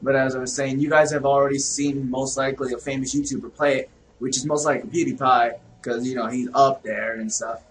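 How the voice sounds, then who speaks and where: A young man giving casual, excitable, profane let's-play commentary, shouting reactions at a game. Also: mid-range voice, fairly quick, hardly any pauses, slight background noise, rough recording. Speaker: gaming video host.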